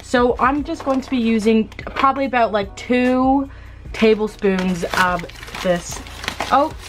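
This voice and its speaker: Chatty young woman, fairly high voice. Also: a little slow, noisy background. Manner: chatty, laughs at herself, swears casually. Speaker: beauty vlogger. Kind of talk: casual DIY tutorial chat.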